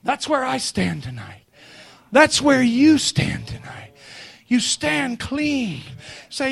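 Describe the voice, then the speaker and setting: A man preaching a fervent revival sermon, swinging from shouted climaxes down to low, quiet storytelling. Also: big pitch swings, slow, creaky, breathy edge.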